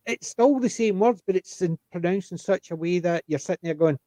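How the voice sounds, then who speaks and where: A man explaining things in a rambling, animated way during a casual panel chat. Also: high-pitched, a little fast, hardly any pauses, no echo, poor audio.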